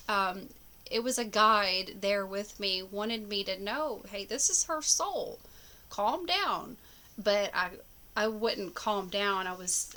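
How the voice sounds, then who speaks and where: Speaking to camera in a casual personal monologue, a woman who vlogs about spirituality rambles about her dreams, full of fillers and restarts. Her voice is medium in pitch and sounds pushed and bright.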